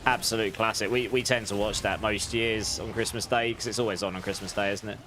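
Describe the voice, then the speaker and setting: A man's voice: on the low side, steady tone, brisk, noisy background. A British man streaming and chatting casually with viewers, in a rambling, friendly way with frequent restarts. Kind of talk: casual livestream chat.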